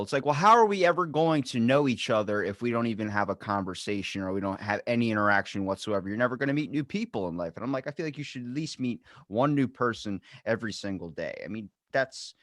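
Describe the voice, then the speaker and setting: A man hosting a podcast in casual chat, telling stories in an animated way and loudly acting out the people in them. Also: fairly low pitch, quick pace, hardly any pauses, no room sound, studio quality. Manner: animated storyteller, acts out exchanges loudly. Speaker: podcast host.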